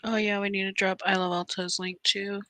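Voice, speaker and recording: A woman co-hosting a livestream, speaking softly and reading out viewer comments. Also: medium pitch, little pitch movement, fairly quick, no echo. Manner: soft-spoken, reading comments aloud. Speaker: co-host. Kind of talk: casual chat on a livestream.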